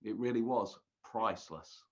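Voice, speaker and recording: A man's voice: on the low side, normal speed. A man earnestly recalling his touring days in a casual chat. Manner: earnest, reflective storytelling. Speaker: guest magician recalling touring. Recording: dull lo-fi sound.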